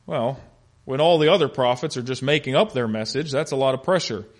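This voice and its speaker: A man teaching an interactive Bible lesson, animated and questioning his class with humor. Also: medium pitch, brisk.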